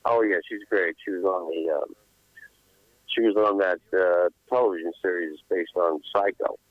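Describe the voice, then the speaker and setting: A man speaking as a guest musician on a radio show, relaxed and hesitant with many fillers. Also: sits low, moderate pace, dry recording, narrow, tinny audio. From New York. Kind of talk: casual radio interview.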